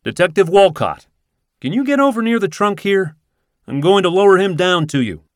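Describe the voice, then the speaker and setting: A man voicing a loud, hearty detective reassuring a worried woman. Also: high voice, very animated, normal speed, no echo, studio quality, voice pushed up. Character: hearty confident male detective.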